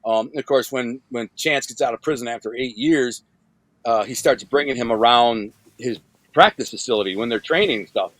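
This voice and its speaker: A man from Detroit telling his life story as a guest, in a casual, animated way, acting out what others said and repeating words for emphasis. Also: normal speed, dry recording. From Detroit, USA. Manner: animated, acts out quoted voices with big pitch jumps.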